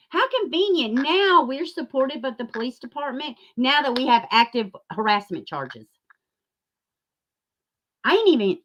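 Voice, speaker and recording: A woman hosting a profane, sarcastic commentary rant, jumping from loud outbursts to mocking near-whispers. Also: on the high side. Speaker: YouTube commentary host. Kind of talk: ranting commentary.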